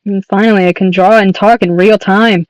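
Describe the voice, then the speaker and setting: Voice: mid-range voice, steady tone, normal speed, dry recording, low-quality recording. A young adult artist chatting casually on a livestream while drawing, rambling, laughing often and swearing.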